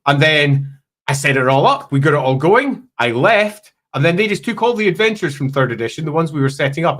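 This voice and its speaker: Brief: male host, lively pitch, rambling chatty delivery, frequent laughs. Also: brisk. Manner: animated, laughing, rambling asides. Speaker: host and game producer. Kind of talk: casual chat.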